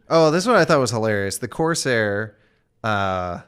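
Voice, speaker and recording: A man's voice: fairly low pitch, very animated, unhurried, a bit bright, clear, resonant tone. A young man co-hosting a podcast, chatting casually and jokingly, often trailing off mid-sentence. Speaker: podcast co-host. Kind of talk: casual chat about video games.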